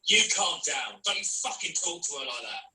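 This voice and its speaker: A man's voice: on the high side, big pitch swings, quick pace, sharp tone, faint music behind, full character voice. A man voicing a hot-headed young man defending his girlfriend in an online script reading, blustering and combative. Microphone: video call mic. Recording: echoey room, mic at a distance.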